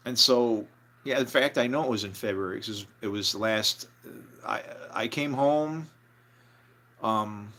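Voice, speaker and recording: Rambling man with a bright, tense voice. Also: fairly low pitch, unhurried. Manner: rambling, full of fillers and restarts. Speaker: storyteller, former band member. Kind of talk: casual live storytelling.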